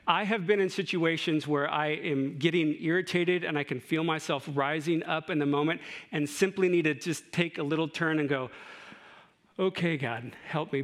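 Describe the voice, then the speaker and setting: A man's voice: a little high, a bit bright. A middle-aged man preaching a sermon in a conversational way, with asides and rhetorical questions. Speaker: pastor.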